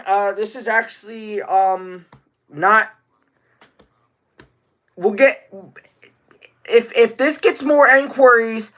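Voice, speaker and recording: A young adult man streaming live, chatting casually with viewers and excitedly shouting out donors. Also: sits high. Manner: excitable, gives rapid shout-outs to donors; chatty, answers viewer questions one by one.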